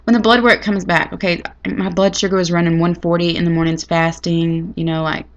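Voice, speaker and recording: A woman's voice: lowish voice, level tone, a little fast, dull audio. A woman telling a personal story in a chatty, dramatic, folksy way. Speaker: vlogger. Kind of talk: casual storytelling to camera.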